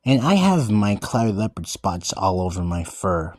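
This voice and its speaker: An earnest male vlogger who describes himself as a wildcat delivers a slow, in-character monologue, his pitch swinging lively up and down. He stumbles and restarts words while repeatedly calling out to everyone. The sound is dry and close, with no room or echo.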